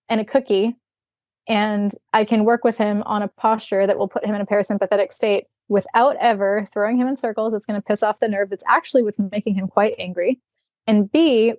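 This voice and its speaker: A woman of middle pitch speaks as a podcast guest with blunt, lively candor. She slips into voicing other people and laughs as she goes. The recording is close and dry, with no room sound. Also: no echo. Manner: candid and animated, acts out dialogue, laughs often. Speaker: guest, equine rehabilitator. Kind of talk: podcast interview, casual storytelling.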